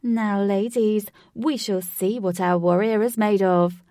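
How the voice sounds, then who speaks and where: A woman's voice: mid-range voice, fairly even intonation, a little slow, dark tone, no room sound, clean studio sound, natural voice. A woman voicing an eccentric, flamboyant male showman who announces theatrically to a crowd.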